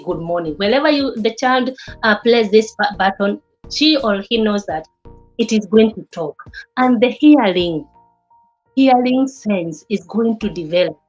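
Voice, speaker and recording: A teacher of early childhood development, a woman with a mid-range voice, gives a class lecture on child development, speaking haltingly as she repeats words and restarts sentences. Faint music sits beneath her, and the recording has a slightly dull, lo-fi quality.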